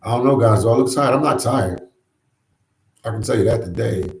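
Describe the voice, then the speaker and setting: A man's voice: mid-range voice, fairly quick, vocal fry, a little mellow, roomy sound, low-quality recording. A man hosting a casual livestream, reading viewer comments and chatting in an easygoing way, repeating himself and often saying "man". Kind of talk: casual live chat. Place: New York.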